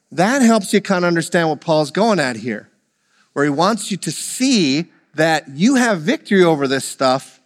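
A man's voice: high-pitched, long reverb tail. A man preaching a sermon, leading the congregation in call-and-response and joking with them. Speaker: pastor.

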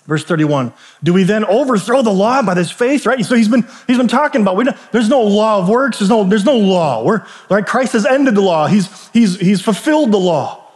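A man preaching a sermon in a relaxed, conversational way, often restarting phrases and tossing in asides to the congregation. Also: sits high, normal speed, few pauses. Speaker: pastor. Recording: long reverb of a large hall.

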